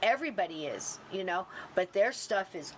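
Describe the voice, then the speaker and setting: A woman's voice: mid-range voice, moderate pace, slight background noise. A woman hosting a podcast, telling a story in casual chat and acting out the people she quotes. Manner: animated, acts out quoted people. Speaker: podcast host.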